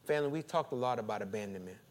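A male pastor preaching a sermon, swinging from calm teaching to loud, high, laughing bursts, repeating phrases as he builds. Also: very fast. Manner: repeats phrases and restarts when fired up.

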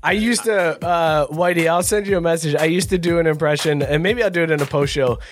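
A man's voice: a little high, a little fast, faint music behind. A man co-hosting a casual podcast, talking about a beer in a teasing, loose way and swearing. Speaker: podcast co-host. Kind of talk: casual beer-review chat.

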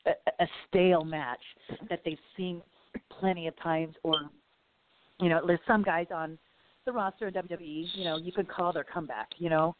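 A middle-aged woman with a lowish voice talks casually as an interview guest, rambling through stories and acting out the dialogue. She fills her speech with "you know". The sound is thin and phone-like. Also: fairly even intonation, normal speed, slight background noise. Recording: phone-like audio.

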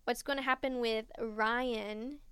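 A young woman co-hosting a podcast in casual chat, bubbly and gushing, full of quick asides. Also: a little high, steady tone, fairly bright tone, smooth, dry recording, studio quality. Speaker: podcast co-host.

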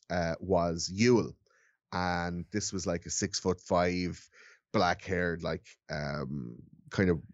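A man's voice: low-pitched, dry recording, highs cut off. A man casually explaining Christmas folklore on a podcast in a loose, profane way. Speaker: podcast co-host. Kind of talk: casual chat, explaining history.

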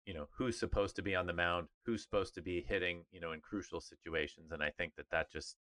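A middle-aged man talks sports on a podcast, emphatic and animated. His voice sits fairly low but has a bright, forceful edge. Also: fairly quick. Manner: animated, emphatic, mimics others in funny voices. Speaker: podcast co-host, former pro player. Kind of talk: casual sports talk.

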